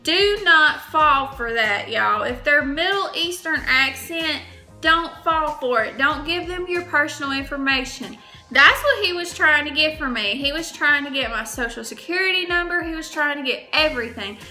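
A young woman talks casually into the camera for her vlog. Her voice sits high and sounds very bright. She stresses points by saying words again and again, over faint background music. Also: animated, normal speed. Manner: emphatic, repeats words for stress. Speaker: vlogger.

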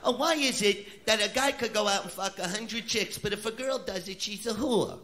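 A man's voice: high-pitched, normal speed, voice pushed up, natural voice. A man putting on the voice of a whiny, indignant young woman in a nagging, mocking tone. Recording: live club recording with crowd noise.

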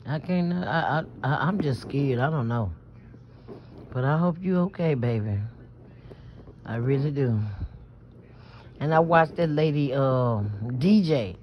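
A woman's voice: very deep voice, expressive, slow, pauses often, slight background noise. Brief: woman from New Orleans, stammering confessional vlog, lo-fi phone sound. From Southern US, New Orleans. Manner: rambling, stammering, emphatic, swears freely. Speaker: vlogger. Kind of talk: late-night confessional vlog. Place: in bed at night. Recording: muffled lo-fi phone audio.

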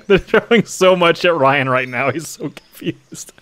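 A man's voice: fairly high pitch, expressive, measured pace, no echo. A young man hosting a casual co-op game stream, laughing often and explaining the controls to his partner. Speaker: streamer and host. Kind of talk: casual co-op gaming chat.

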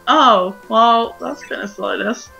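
A woman's voice: a little high, takes it slowly, creaky, pushed and bright, lo-fi sound, faint music behind. Giggly young woman teasing over gameplay. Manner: giggly, teasing banter, laughs often. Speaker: co-host of a gameplay video. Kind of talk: casual gaming commentary.

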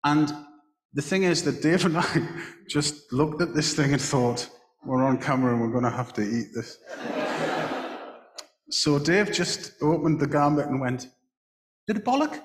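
A man's voice: fairly high pitch, measured pace, background noise. A man as the guest at a live stage talk, telling a long anecdote with many restarts. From England. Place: large hall at a book festival. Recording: echoey hall, roomy reverb.

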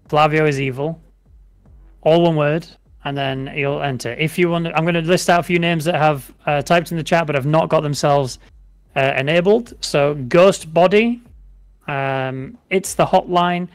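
A man's voice: a little high, smooth, dry recording. Chatty British man streaming a game. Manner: chatty, joking, repeats giveaway instructions. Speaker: streamer co-host. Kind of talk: live gameplay stream chat.

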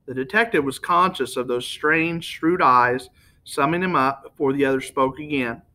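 A man's voice: medium pitch, moderate pace, sharp tone. A man reading a novel aloud as an amateur audiobook narrator, with small slips that he corrects as he goes. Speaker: audiobook reader.

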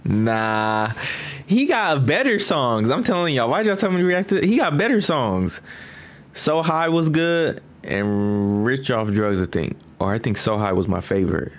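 A man hosting a casual reaction video, rambling and swearing in a relaxed way while high, sometimes mimicking others in squeaky voices. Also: unhurried.

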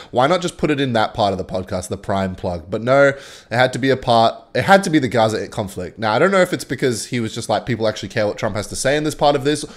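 A young man with an Australian accent gives casual commentary on online drama. He talks in an animated way at a middle pitch, chuckles as he goes and swears casually. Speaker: host.

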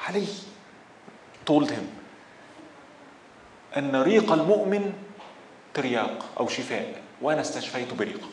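Male sheikh lecturer, storyteller who slips in Arabic phrases, recorded in a roomy space with faint hum behind. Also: medium pitch. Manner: storytelling, asks the audience questions; mixes Arabic phrases into English. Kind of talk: religious lecture.

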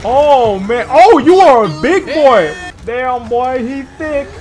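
A gamer giving loud let's play commentary, exclaiming, swearing and laughing often, with faint game music behind. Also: sits high, animated, slow pace.

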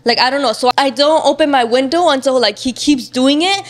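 Young woman, slightly high voice, casual storytelling, lots of "like", swears freely. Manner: fast chatty, heavy use of "like", swearing. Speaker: guest.

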